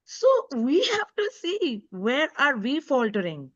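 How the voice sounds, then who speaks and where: A woman's voice: on the high side, sing-song, normal speed, hardly any pauses, fairly bright tone, dull audio. A woman guest speaker and author giving an earnest, emphatic talk on an online panel. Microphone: video call.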